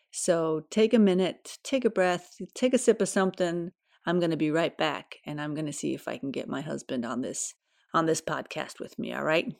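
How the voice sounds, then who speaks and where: Woman in her fifties, podcast host, slightly low voice, chatty personal storytelling. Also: normal speed, vocal fry, a little mellow. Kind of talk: casual podcast chat. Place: home.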